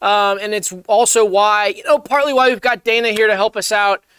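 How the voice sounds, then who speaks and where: A man co-hosting a live-stream podcast in casual chat, rambling with halting restarts. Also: sits high, clean tone, no room sound. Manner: mock-scared shouting while reading chat. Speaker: podcast co-host.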